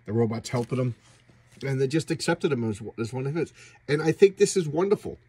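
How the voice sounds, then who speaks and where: A man excitedly retelling a comic book story in a casual recap, acting out the characters and making boom sound effects. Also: fairly quick, slight background noise.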